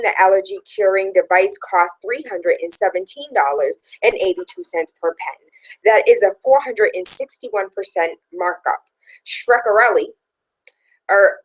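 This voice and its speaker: A woman's voice: mid-range voice, rough recording. Woman, talk show host, reads headlines, sarcastic asides, opinionated, casual. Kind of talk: casual news commentary.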